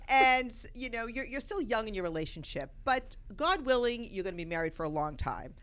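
A woman's voice: on the high side, moderate pace. A middle-aged woman, a guest chatting casually on a podcast and telling stories with plenty of laughter. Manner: animated, storytelling, laughs often. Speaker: guest romance expert.

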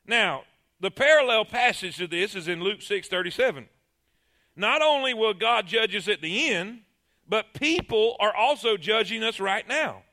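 A man's voice: high-pitched, animated, normal speed, pushed and bright. A man preaching a sermon, emphatic and calling on the congregation to answer.

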